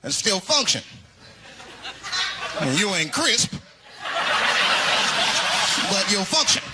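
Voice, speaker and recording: A man doing stand-up comedy, telling a story in an animated way and acting out the voices. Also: high-pitched, slow. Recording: loud crowd noise of a live stand-up show.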